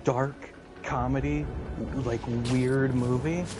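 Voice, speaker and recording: A man's voice: medium pitch, little pitch movement, slow pace, noisy background. A young man in casual gaming chat, rambling with lots of fillers and casual swearing. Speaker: co-player chatting.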